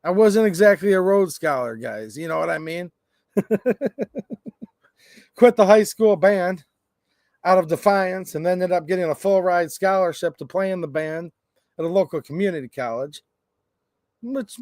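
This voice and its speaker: A man's voice: high voice, lively intonation, normal speed, pauses often, darkish tone, no room sound, studio quality. A man hosting a livestream, chatting casually in a rambling, joking way and reading out comments from the chat. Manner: rambling, jokey, reads chat aloud. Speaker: gun rights channel host.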